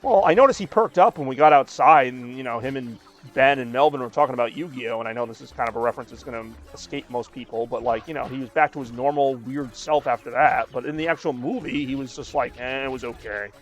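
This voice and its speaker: A man's voice: mid-range voice, quick pace, hardly any pauses, faint music behind. A man in his thirties streaming a game and chatting casually, rambling with lots of fillers. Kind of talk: casual chat while gaming.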